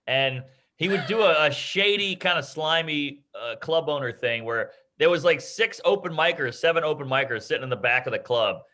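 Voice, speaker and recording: A man's voice: on the high side, normal speed, few pauses, pushed and bright. A man in his thirties, a comedian co-hosting a casual chat, telling laid-back anecdotes with dry asides. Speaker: podcast co-host, comedian.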